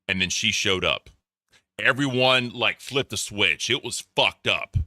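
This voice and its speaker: A man's voice: lowish voice, a little slow, pushed and bright, dry recording, clean studio sound. A man co-hosting a casual commentary chat, talking bluntly with lots of swearing and repeats. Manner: blunt, profane, repetitive. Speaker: co-host.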